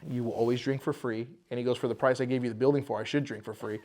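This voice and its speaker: A man's voice: mid-range voice, steady tone, racing, a little mellow, slight background noise. A man, a bar owner, telling the story of buying his building in a casual podcast interview, acting out the voices of the people in it.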